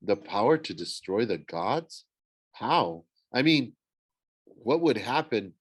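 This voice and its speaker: A man's voice: on the low side, sing-song, slow, breathy edge, exaggerated voice. A man voicing a tough, brooding teenage girl who mutters. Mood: awed.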